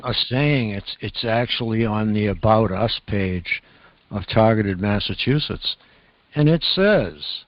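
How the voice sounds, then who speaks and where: Slow, deliberate male host on a muffled call. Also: lowish voice, dry recording. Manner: slow, deliberate, reads out quotes carefully. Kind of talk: casual video-call chat. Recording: muffled dry call audio.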